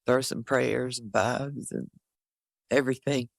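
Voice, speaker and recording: A woman in a recovery group, speaking slowly and hesitantly, worried and tired, sharing with emotion over a video call. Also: very deep voice, steady tone, vocal fry, dry recording. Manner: slow, tearful and hesitant.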